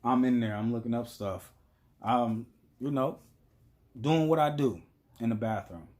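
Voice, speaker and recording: Dude vlogging, loose and crude, just talking to camera. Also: male voice, mid-range voice, a little slow, darkish tone. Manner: blunt, profane, loose. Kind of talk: casual storytelling monologue.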